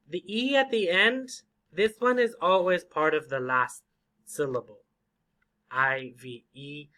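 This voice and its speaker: A man teaching an English vocabulary lesson, slowly repeating and drilling each word for learners. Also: a little high, bright, forceful tone. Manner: slow, repetitive drilling of words.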